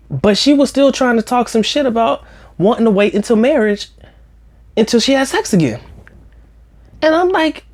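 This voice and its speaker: A man hosting a storytime vlog, telling a personal story in a slangy, profane, animated way. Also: sits high. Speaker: vlog host.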